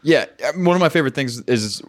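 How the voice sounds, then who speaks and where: A man talks easily in a casual podcast conversation, at a middle pitch. He is laid-back and laughs along often. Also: animated, fast talker. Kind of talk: casual chat.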